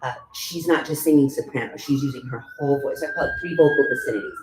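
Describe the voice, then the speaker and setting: A woman's voice: deep voice, wildly swooping pitch, fast. A middle-aged woman vocal coach giving a chatty, demonstrative workshop talk. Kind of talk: workshop teaching. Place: club workshop room. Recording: roomy echo, faint room noise.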